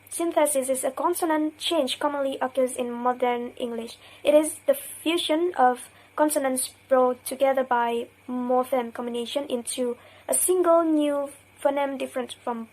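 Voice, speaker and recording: High-voiced young woman explaining a lesson. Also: darkish tone, rough recording. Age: young adult. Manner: explanatory, repeats example words slowly; hesitant, self-correcting. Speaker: student presenter. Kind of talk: recorded class presentation.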